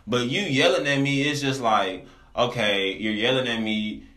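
Laid-back young man, echoey room. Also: moderate pace. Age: young adult. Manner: laid-back slangy storytelling, voice jumps high when animated. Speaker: podcast host. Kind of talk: casual chat.

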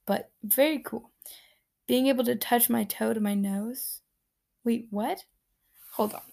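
A woman's voice: fairly high pitch, creaky. A woman hosting a casual solo podcast, reading out listener answers in a chatty, giggly, rambling way with many fillers and restarts. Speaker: podcast host. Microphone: podcast microphone.

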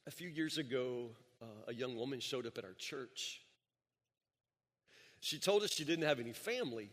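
A man preaches a sermon in a mid-range voice and tells stories in the pulpit's steady way. He repeats words as he goes and lifts his voice for emphasis. A long reverb trails each phrase around the large church hall. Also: medium pitch, normal speed. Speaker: pastor. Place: church sanctuary.

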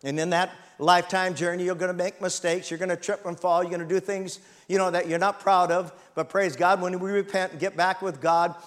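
A man's voice: high-pitched, little pitch movement, fairly quick, hardly any pauses, a bit bright. A man in his sixties preaching a sermon, reading scripture dramatically and calling the congregation to respond. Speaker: pastor.

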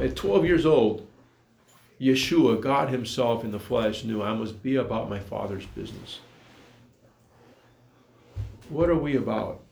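A man's voice: medium pitch, vocal fry, a little mellow. A man preaching a sermon in an earnest, repetitive way, full of rhetorical questions, recorded in an echoey room.

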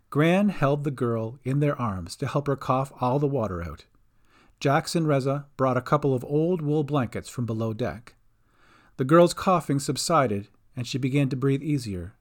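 A man giving scripted narration of a fantasy audio story, expressive and doing all the voices himself. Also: medium pitch, moderate pace.

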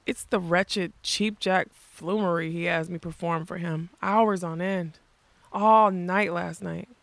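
A woman voicing a weary middle-aged male magician who speaks slowly and quietly, reading a storybook aloud in a dry room. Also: fairly low pitch, fairly even intonation, vocal fry, no echo. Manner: slow, quiet, tired.

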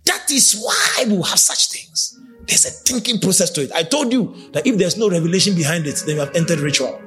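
A man preaching a sermon, emphatic, swinging between shouts and low, intense speech. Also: expressive, fairly quick, soft background music. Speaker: prophet preaching.

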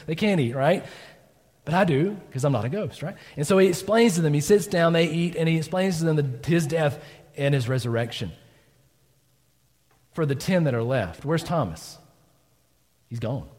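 Male pastor, conversational storyteller, acts out the dialogue, slightly high voice, church reverb. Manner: conversational storytelling, acts out quotes, frequent "right?". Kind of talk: sermon. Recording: long reverb of a church hall.

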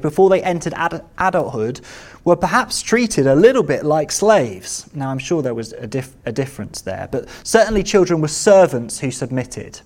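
Earnest male preacher, fairly high voice. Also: darkish tone. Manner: earnest, rising to emphatic repetition. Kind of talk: sermon.

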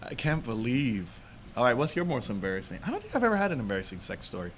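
A man's voice: mid-range voice, big pitch swings, fast, slight background noise. A man co-hosting a casual podcast chat, telling a long story in a rambling way and laughing often. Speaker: podcast co-host.

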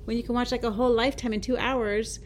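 A woman from the United States co-hosting a podcast, chatting in an animated way and laughing often. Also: on the high side, fast, a little hiss or hum. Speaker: podcast co-host. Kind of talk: casual chat.

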